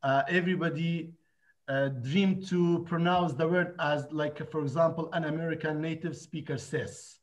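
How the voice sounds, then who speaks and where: A man with a Kurdish accent, a native Kurdish speaker training others in English, hesitant and filling pauses as he searches for words. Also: on the high side, fairly even intonation. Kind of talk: casual teaching discussion.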